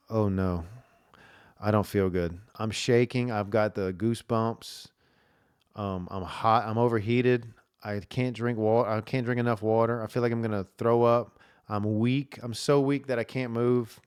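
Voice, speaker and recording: A man's voice: mid-range voice, smooth, dry recording, studio quality. A man telling a rambling, casual story as a podcast host, saying "dude" and "like" a lot.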